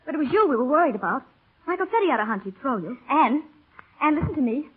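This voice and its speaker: A woman's voice: high-pitched, very animated, fast talker. An actress playing an anxious, loyal young woman who pleads earnestly with a friend, in a 1930s radio drama. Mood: worried. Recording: tinny old radio broadcast.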